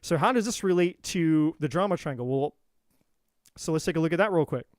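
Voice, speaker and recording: A man hosting a live tarot stream talks in a high, lively voice, slipping into little acted-out voices as he explains. The sound is dry and close, with no room echo. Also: brisk. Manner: animated, acts out quoted voices, casual swearing. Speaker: tarot reader and livestream host. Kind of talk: live-stream teaching talk.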